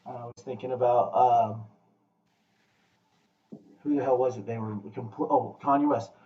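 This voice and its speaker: A man hosting a podcast, talking casually in a blunt, profane, animated pep-talk way. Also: medium pitch, a little slow. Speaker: podcast host. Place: room with guests. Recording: echoey, distant, muffled room mic.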